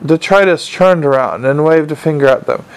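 Steady male audiobook narrator. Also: a little high, normal speed, clear, resonant tone, low-quality recording. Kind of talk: scripted narration.

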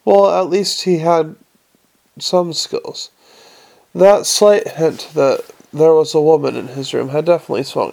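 Gravelly man reading a novel aloud. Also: a little high, a little mellow. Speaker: audiobook narrator.

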